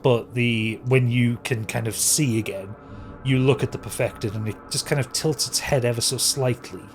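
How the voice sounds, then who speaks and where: A man narrating as game master of a tabletop game, describing scenes with many pauses and fillers. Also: mid-range voice, steady tone, soft background music. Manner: descriptive, hesitant, many ums and kind ofs.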